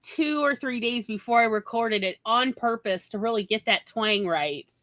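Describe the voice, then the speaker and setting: A woman's voice: fairly high pitch, moderate pace, fairly bright tone, no room sound, rough recording. A woman hosting a casual chat, talking eagerly with lots of fillers. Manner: chatty, enthusiastic, many fillers. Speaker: host, writer.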